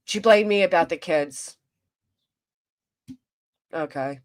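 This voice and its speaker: A woman's voice: fairly low pitch, slow. Lady venting on a livestream, exasperated, rambly, keeps restarting sentences. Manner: exasperated, rambling with restarts, reads chat aloud. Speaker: commentary channel host.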